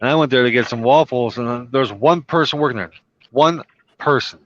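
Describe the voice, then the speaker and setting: Trucker guest, male, rambling storyteller; mid-pitched, muffled low-fi audio. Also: a little fast, a bit bright, no echo. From Delaware, US. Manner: rambling anecdotes with many restarts. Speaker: trucker and show regular. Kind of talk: casual storytelling on a live chat. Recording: dull lo-fi stream audio.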